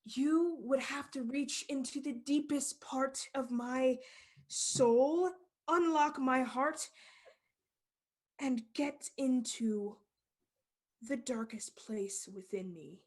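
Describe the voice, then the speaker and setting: A man's voice: very high-pitched, exaggerated voice. A woman voicing a theatrical male carnival ringmaster who stretches his words out dramatically at a tabletop game. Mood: dramatic. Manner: slow, dramatic showman delivery.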